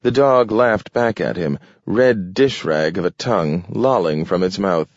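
A man reads an audiobook in a slow, measured, deliberate way, with a slightly low voice that rises and falls a lot. The recording is dull and lo-fi and completely dry. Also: lively intonation, dry recording. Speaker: audiobook narrator. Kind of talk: scripted audiobook narration.

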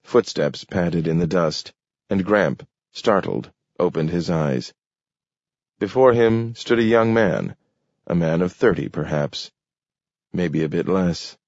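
A man narrating an audiobook story in a measured, expressive way. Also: sits low, no echo, dull audio.

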